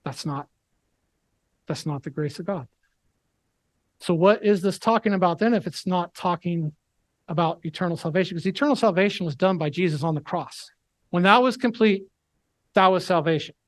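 Male preacher, high voice, earnest emphatic delivery, dry close sound. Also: dry recording. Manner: earnest, emphatic preaching with slow scripture reading. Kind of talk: sermon.

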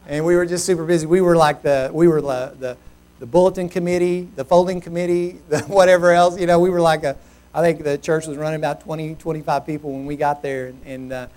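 A male pastor preaching a sermon, telling a personal story in an animated, humorous, self-mocking way. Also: fairly high pitch.

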